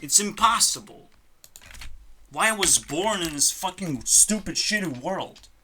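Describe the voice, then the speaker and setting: At a home computer desk, a channel host rants in frustration, swearing throughout and lurching from loud outbursts to quiet muttering. The voice sits mid-range with lively intonation and an unhurried pace. There's a faint hiss or hum in the ranting vlog.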